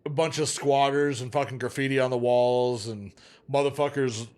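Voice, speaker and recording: A man's voice: mid-range voice, fairly even intonation, normal speed, a little mellow, clean tone. A man co-hosting a podcast, telling a story in loose casual chat with heavy swearing. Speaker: podcast co-host.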